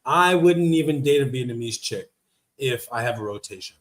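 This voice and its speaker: A man's voice: mid-range voice, expressive, moderate pace. A man hosting a casual livestream Q&A, reading viewer comments aloud and answering in a slangy, laid-back way. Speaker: livestream host.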